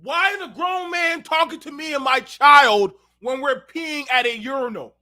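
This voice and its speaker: Man, host, high voice, sharp tone, profane, heated storytelling, direct address to listeners. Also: normal speed. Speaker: show host. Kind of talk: unfiltered casual rant.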